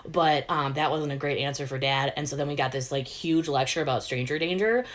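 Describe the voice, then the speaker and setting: A woman casually telling a funny childhood story, animated and playful as she acts out the voices. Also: fairly quick. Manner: animated, acts out quoted voices with big jumps in pitch and loudness.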